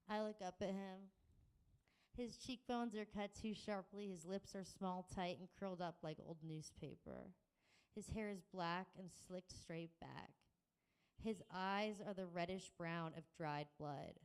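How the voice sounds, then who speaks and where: A woman giving a measured, deliberate first-person literary reading. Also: mid-range voice, clear, resonant tone. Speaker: reader.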